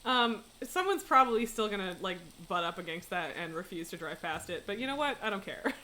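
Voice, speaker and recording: A woman's voice: medium pitch, very animated, fairly quick, sharp tone. A young woman streaming a game, chatting casually, giggling and swearing freely. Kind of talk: casual live-stream commentary.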